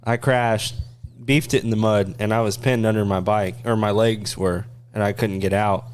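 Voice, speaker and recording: Casting note: man with a low voice, relaxed, telling a tale over faint background noise. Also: moderate pace. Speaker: podcast co-host and racer. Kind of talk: casual chat.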